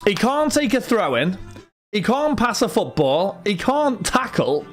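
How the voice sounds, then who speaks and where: A young man hosting a livestream, talking casually to his chat. He rambles and vents with exasperation, his voice sitting a little higher than most men's. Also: big pitch swings, measured pace, faint music behind. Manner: rambling and exasperated, venting about football. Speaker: livestream host.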